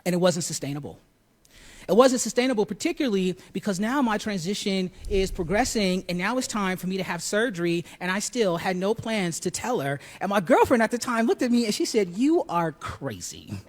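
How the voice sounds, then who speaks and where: A man from Buffalo telling a personal story, expressive and acting out the lines he quotes. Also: sits high, a little fast. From Buffalo, New York.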